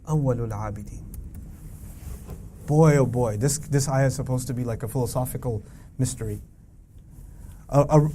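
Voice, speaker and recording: A man teaching a live audience about a Quran verse, emphatic and full of rhetorical questions, reciting Arabic verses quickly. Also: medium pitch, darkish tone, slight background noise.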